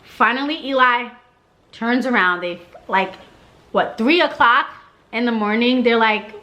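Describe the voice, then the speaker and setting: A woman's voice: fairly high pitch, unhurried, sharp tone. A young woman telling her birth story in casual vlog style, acting out the people she quotes.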